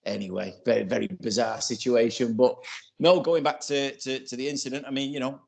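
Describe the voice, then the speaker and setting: A man's voice: mid-range voice, steady tone, brisk, vocal fry, a little mellow. A man in his forties co-hosting a casual podcast, rambling and filling his talk with "you know" and restarts. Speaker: podcast co-host.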